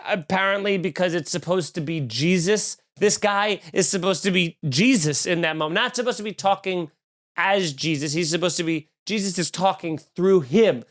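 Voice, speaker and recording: A man with a fairly high voice hosts a comedy podcast. He rants in a snarky, animated, profane way and keeps riffing as he goes. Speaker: podcast host. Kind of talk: comedic ranting.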